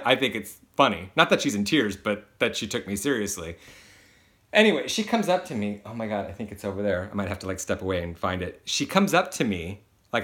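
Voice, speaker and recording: Chatty man with a lively voice. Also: medium pitch. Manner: chatty, self-interrupting, animated storyteller. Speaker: vlogger answering viewer questions. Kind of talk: casual rambling Q&A.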